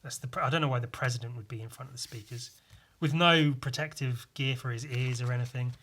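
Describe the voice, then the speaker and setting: Self-mocking young man, bright voice. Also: mid-range voice, fairly even intonation, quick pace, slight background noise. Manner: self-mocking, swearing, rambling. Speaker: vlogger. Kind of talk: casual commentary.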